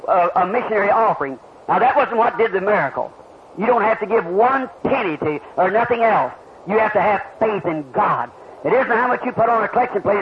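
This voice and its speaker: A man preaching a revival sermon to a crowd, telling healing stories and asking the listeners questions. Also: sits high. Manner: fervent, storytelling, asks the crowd questions. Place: large meeting hall. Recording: dull lo-fi archival tape with hiss.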